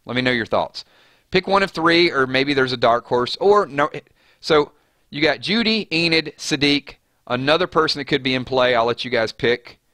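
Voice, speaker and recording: A mid-range male voice at a moderate pace belongs to a live-stream host who keeps things casual, chatting and reading viewer comments. He sounds animated, with his pitch jumping up on names and questions. It's a studio-quality recording without room sound.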